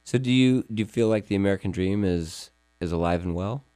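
Male radio host, deep and warm, halting delivery, dry studio sound. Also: smooth, no echo. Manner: halting, many fillers and restarts. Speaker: radio show host and attorney. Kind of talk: conversational radio interview.

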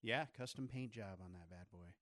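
A man chatting casually as a podcast co-host, easygoing and relaxed. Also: lowish voice, moderate pace, dry recording, studio quality. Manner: easygoing, short reactions. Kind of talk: casual chat.

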